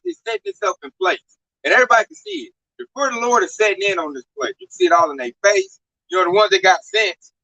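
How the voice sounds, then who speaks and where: A man with a high-sitting, sharp-toned voice talks in a casual religious discussion, slangy and emphatic, acting out quotes in his own words. There's no room sound, and the recording is muffled and lo-fi.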